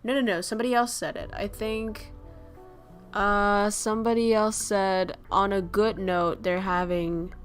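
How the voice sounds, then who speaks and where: A woman's voice: medium pitch, flat delivery, unhurried, soft background music. A woman hosting a casual chat stream, joking and rambling, laughing often and swearing casually. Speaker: streamer host.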